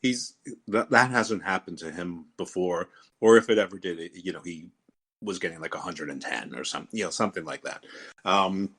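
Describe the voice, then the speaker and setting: A man's voice: low-pitched, fairly quick, a bit bright, breathy edge. A man hosting a casual podcast, talking loosely with lots of fillers and restarts. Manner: rambling, many fillers and restarts. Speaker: podcast host. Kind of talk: casual wrestling podcast chat.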